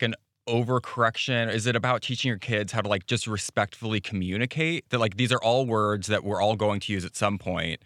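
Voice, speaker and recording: Brief: man, podcast co-host, earnest questions, lowish voice, dry mic. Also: a bit bright, dry recording. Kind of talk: casual podcast chat.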